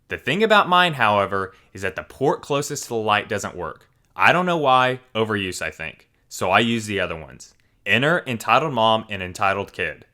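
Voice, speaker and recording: A man hosting a channel and narrating online posts in an animated, expressive storytelling way. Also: lowish voice. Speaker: channel host reading stories.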